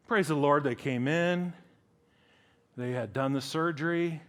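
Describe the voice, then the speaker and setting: A middle-aged male preacher with a rather high voice. He delivers his sermon with animated swings and plays out little dialogues as he goes. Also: measured pace, long pauses. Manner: animated, acts out dialogue with big pitch swings.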